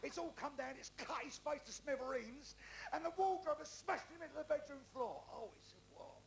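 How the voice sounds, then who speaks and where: A man's voice: extremely high pitch, fairly quick, low-quality recording. A man with a London Cockney accent telling jokes on a theatre stage, brash and foul-mouthed as he spins long shaggy-dog stories. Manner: gravelly, brash storyteller trading banter and swearing freely. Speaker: stand-up comedian. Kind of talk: live stand-up joke telling. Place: theatre stage before a live audience.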